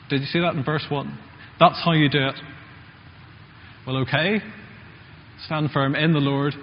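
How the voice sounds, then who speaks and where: Male preacher, chatty sermon delivery, mid-pitched voice, muffled recording in an echoing church hall. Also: steady tone, normal speed, pauses often, a little hiss or hum. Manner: conversational, asks the congregation questions.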